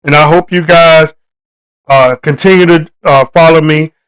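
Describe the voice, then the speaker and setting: A man's voice: on the high side, steady tone, normal speed, fairly bright tone, clean tone, low-quality recording. A man hosting a casual live stream, talking to his viewers in a loose, repetitive, preachy way.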